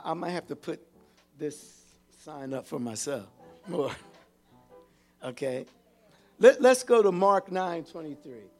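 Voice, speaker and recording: High-voiced preacher calling out to his flock. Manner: calls out to the congregation with repeated "hello?" and "whoa"; halting, repeats words while searching for them. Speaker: pastor and Bible teacher. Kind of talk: interactive teaching sermon.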